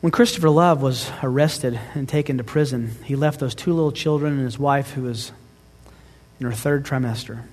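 A man's voice: medium pitch, moderate pace, darkish tone, big-room sound. A man preaching a sermon as pastor, emphatic and building his points into rising lists.

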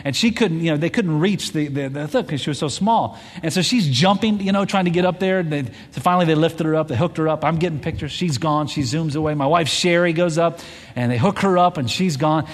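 A man in his forties, a pastor telling a family story in a sermon, animated and full of restarts. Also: a little high, a little fast. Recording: long hall reverb.

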